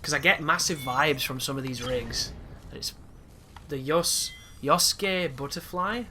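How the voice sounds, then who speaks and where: A man's voice: mid-range voice, unhurried, slight background noise. A man chatting through a game, reacting live and swearing at times. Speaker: gaming commentator. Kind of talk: casual gameplay commentary. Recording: loud game music behind.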